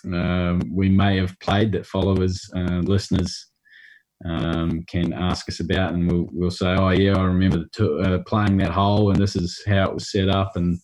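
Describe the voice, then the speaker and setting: A man with a mixed Australian and New Zealand accent, chatting on a podcast as a guest and pausing often with hesitations. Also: sits low, little pitch movement, a little mellow, poor audio. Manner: hesitant, many ums and restarts. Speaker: golf rules podcast guest. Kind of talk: casual podcast chat. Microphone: remote call.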